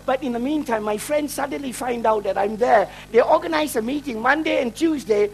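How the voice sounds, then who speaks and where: High-voiced joking male preacher. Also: fairly quick, gravelly, darkish tone, husky, rough recording. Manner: joking, self-mocking storyteller who laughs at his own lines. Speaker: traveling preacher. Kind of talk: humorous testimony sermon.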